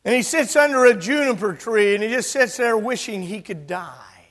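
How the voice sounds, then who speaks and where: A man in his sixties, a pastor preaching an emphatic sermon that swings from loud to soft. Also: sits high, animated, normal speed. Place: church sanctuary. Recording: long church reverb.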